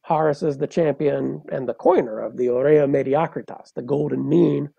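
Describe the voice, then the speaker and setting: A man speaking as a poet guest on a podcast, his voice gravelly and mellow in tone. He explains in a measured, lecturing manner, pausing often on fillers. The sound is dry and close. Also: medium pitch, dry recording, highs cut off.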